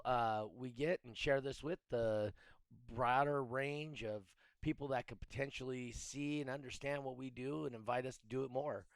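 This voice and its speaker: A man hosts a live chat show and greets viewers one by one, filling gaps with ums. His voice is smooth and resonant at a middle pitch. The sound is dry and close. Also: no room sound. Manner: relaxed, reads viewer names with fillers. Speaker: host. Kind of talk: casual live-stream chat.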